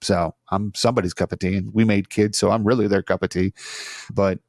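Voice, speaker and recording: Here a middle-aged man chats alone on his podcast, self-deprecating and meandering, frequently starting over. His lowish, darkish voice stays steady and moves a little fast. A studio microphone on an arm gives clean studio sound with no room sound.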